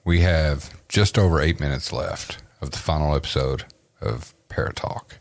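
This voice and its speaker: A man's voice: a bass voice, moderate pace, no room sound, studio quality. A man with an East Tennessee accent, hosting a casual podcast chat and telling a joke with a drawl and lots of laughter. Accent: Southern US, East Tennessee. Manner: laughs a lot, drawling storyteller. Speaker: podcast host.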